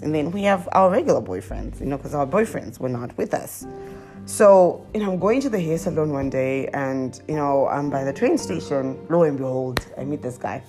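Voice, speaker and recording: A woman telling her viewers a confessional story in a chatty, animated way, laughing as she goes. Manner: laughs often and breaks into high squeals. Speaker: vlogger.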